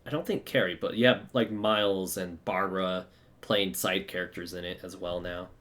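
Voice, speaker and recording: A man hosting a podcast in casual chat, explaining quickly and laughing easily. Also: low-pitched, steady tone, a bit bright. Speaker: podcast host.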